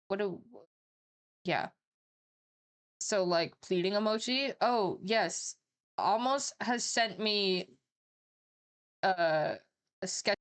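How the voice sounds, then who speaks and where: A woman's voice: lowish voice, clear, resonant tone. Casual streamer woman reading a story. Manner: casual, joking, cursing asides.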